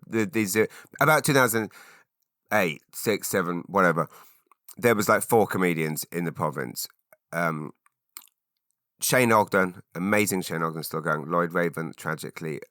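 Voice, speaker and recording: A man's voice: low-pitched, sharp tone, no room sound, studio quality. A British man in his forties from England, hosting a solo podcast in a rambling, self-deprecating way full of fillers and restarts. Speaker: podcast host.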